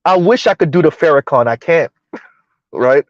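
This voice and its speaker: A man with a fairly high voice hosts a casual live stream, answering his chat with mocking sarcasm. The sound is dry, with no room around it, and a little dull. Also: expressive, a little slow, no echo.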